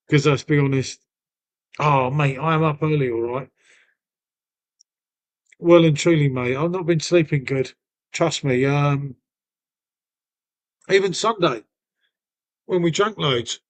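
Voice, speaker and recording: Chatty man rambling on stream. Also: a little high. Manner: rambling, chatty, says mate often. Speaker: live streamer. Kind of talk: casual live stream chat.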